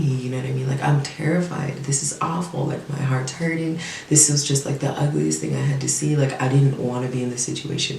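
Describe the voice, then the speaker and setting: A woman with a gravelly, fry-laden voice tells a personal story straight to the camera, chatty and blunt, with plenty of swearing and fillers. She sounds set back from the mic in an echoey room, and faint ambient noise sits underneath. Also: rumbling low, a little mellow, distant mic. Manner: candid, profane, chatty with many fillers. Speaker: vlogger telling a personal story. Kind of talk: casual storytime monologue.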